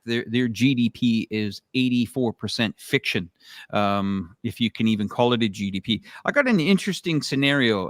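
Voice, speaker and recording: A man's voice: mid-range voice, dry recording. Rambling male co-host, dry close sound. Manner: rambling, searching for words. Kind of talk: casual interview questions.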